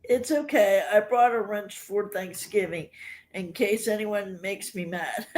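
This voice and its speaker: A woman's voice: medium pitch, unhurried, a little mellow. An older woman hosting a livestream, chatting casually with viewers and rambling through personal stories. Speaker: livestream host.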